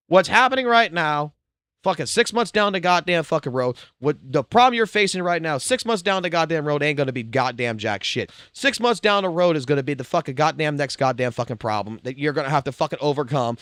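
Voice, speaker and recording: A man's voice: a little high, lively intonation, a little fast, fairly bright tone, dry recording, clean studio sound. A man streaming live, ranting with constant swearing in a heated, blunt way. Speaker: livestreamer.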